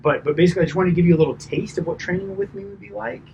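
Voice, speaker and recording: A man working as a personal trainer, giving a chatty, animated debrief after a client session, full of fillers and asides. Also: high voice, rapid-fire, vocal fry, lo-fi sound, slight background noise. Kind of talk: casual coaching debrief.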